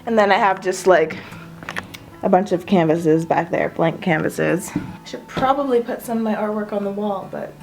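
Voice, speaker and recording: A woman's voice: medium pitch, moderate pace, vocal fry, a little mellow, faint music behind. A young woman giving a casual, self-mocking tour of her home art studio, chatty and giggly. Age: young adult. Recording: echoey room.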